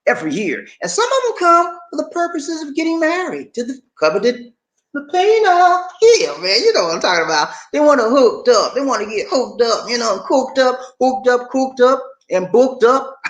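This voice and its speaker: Animated older man, echoey room. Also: extremely high pitch, moderate pace. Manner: animated, preachy, repeats phrases to rally listeners. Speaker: channel host. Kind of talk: motivational live stream talk.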